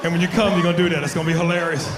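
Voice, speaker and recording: A man performing a loud, brash stand-up comedy set on a club stage, breaking into shouted sound effects. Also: on the high side, fairly even intonation, rapid-fire, a crowd in the background. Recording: roomy live club sound with audience noise.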